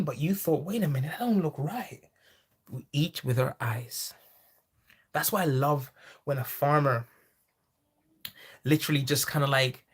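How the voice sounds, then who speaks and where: Man hosting a live chat, average pitch, loose and friendly, answers viewers as they come. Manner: lively and chatty, with sudden high-pitched exclamations. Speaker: farming livestream host. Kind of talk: casual live chat, reading viewer comments.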